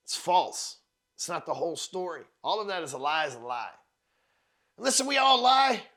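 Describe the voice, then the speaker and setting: Guy on his podcast preaching hard, cussing a lot, repeating himself, bright pushy voice kinda high. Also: sing-song, normal speed. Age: adult parent of four. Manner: emphatic, profane, repeats words while building a point. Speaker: podcast host. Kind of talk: motivational monologue.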